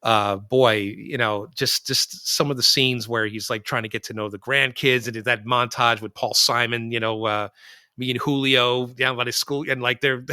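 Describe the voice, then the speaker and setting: A man hosting a podcast, talking through movies in a loose, animated, rambling way. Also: medium pitch, moderate pace, clean tone, no room sound, clean studio sound. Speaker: podcast host. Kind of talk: casual film discussion.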